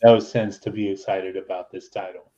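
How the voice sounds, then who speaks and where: A man's voice: deep voice, flat delivery, moderate pace, warm tone, muffled recording. A man hosting a podcast in casual chat, annoyed and swearing freely. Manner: annoyed and profane. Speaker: podcast host.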